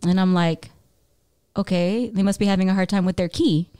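A woman's voice: mid-range voice, smooth. A woman telling a story in a casual chat, acting out her own quotes with bursts of speed and laughter. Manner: animated, fast bursts and acted-out quotes, laughing. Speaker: podcast guest.

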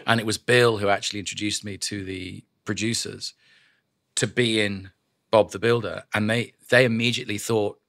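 Bright, dry-miked English man. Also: on the low side, moderate pace, gravelly, no room sound. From England. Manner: animated storyteller, slips into character voices. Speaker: voice actor guest. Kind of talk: casual chat. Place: studio.

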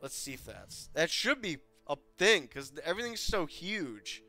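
A man casually commenting while playing a video game, excitable, swearing often, laughing and breaking into sudden loud outbursts. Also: on the high side, moderate pace, soft background music.

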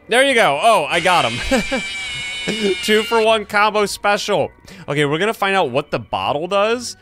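A young man hosting a gaming channel, giving excited play-by-play commentary and yelping and laughing at scares. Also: on the high side. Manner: jumpy, yelps and laughs at scares.

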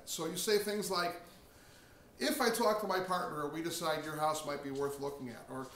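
A man's voice: fairly high pitch, creaky, a bit bright. A man giving a casual lesson on real estate phone skills, talking conversationally and acting out sample phone lines. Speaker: real estate investing teacher. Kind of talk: casual instructional talk. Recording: echoey room from a distance, faint noise.

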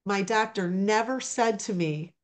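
A woman giving a casual testimonial over a video call, talking in a halting, rambling way with many restarts. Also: medium pitch.

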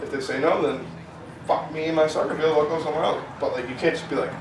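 A man's voice: fairly high pitch, steady tone, fast. A man giving a heated, profanity-laced rant in an interview, full of restarts and repetition. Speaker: protest organizer being interviewed. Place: festival grounds. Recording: echoey, distant mic, loud ambient noise.

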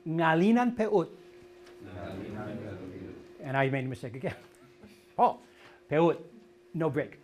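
An older man leads an outdoor language class, and his voice sits a little high for a man. He drills words slowly and patiently corrects each student's pronunciation. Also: animated, darkish tone, a little hiss or hum. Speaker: language teacher. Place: outdoor meadow gathering.

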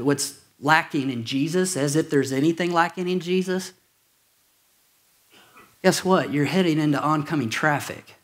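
High-voiced man preaching a casual sermon. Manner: conversational, jokey asides to the congregation. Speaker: pastor. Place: church auditorium.

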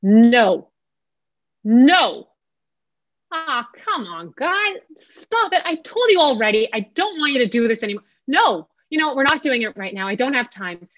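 A woman's voice: on the high side, very animated, a little slow, muffled recording, pitched above the performer's own voice. A woman voicing an impatient parent who nags and snaps repeated orders at her kids. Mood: exasperated. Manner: sharp, nagging, repeats orders.

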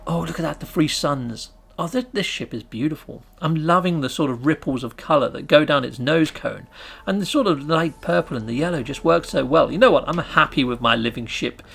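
A British man hosting a gaming channel, giving excitable, chatty gameplay commentary and cheering himself on. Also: fairly high pitch, brisk, vocal fry, slightly rough.

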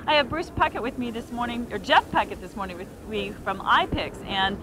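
A woman's voice: a little high, lively intonation, brisk, noisy background. A woman co-anchoring live outdoor TV coverage of an event, conversational and informative. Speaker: TV news anchor. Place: outdoors at a festival field.

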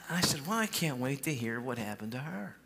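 A man's voice: mid-range voice, brisk, creaky, very noisy. Pastor guy preaching a story, acts out all the voices, big reverb from the church hall. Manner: animated, acts out quoted dialogue, calls for shouts. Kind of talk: sermon storytelling.

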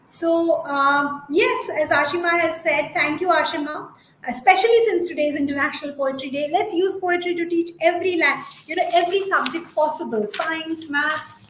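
High-pitched woman presenting a teacher webinar. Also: moderate pace, fairly bright tone, roomy sound, slight background noise, rough recording. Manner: chatty, reads out attendees' comments, many fillers.

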